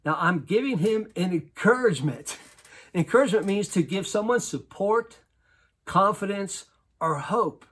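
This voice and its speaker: A basketball coach telling a lively personal story to an audience, laughing often as he goes. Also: sits high, unhurried. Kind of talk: storytelling talk.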